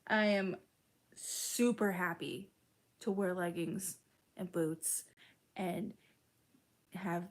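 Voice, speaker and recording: A woman's voice: on the low side, steady tone, very slow, pauses often. Young woman from chicago just chatting with her chat, says "like" a ton, swears casually. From Chicago, United States. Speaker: streamer reading chat.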